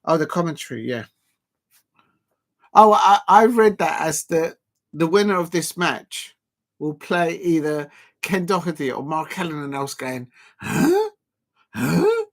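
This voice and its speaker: Chatty live-stream host, higher-pitched man. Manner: chatty and rambling, self-deprecating, with frequent filler pauses. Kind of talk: casual live snooker commentary.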